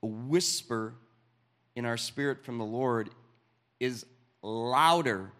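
A man preaching a sermon, reading scripture aloud with dramatic pauses and quiet asides. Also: mid-range voice, steady tone.

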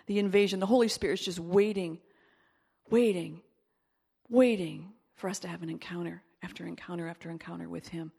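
Gravelly-voiced woman preaching emphatically. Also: lowish voice, steady tone, brisk. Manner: emphatic, breaks into whispers and rises to loud exclaiming in prayer. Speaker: pastor. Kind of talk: sermon and prayer.

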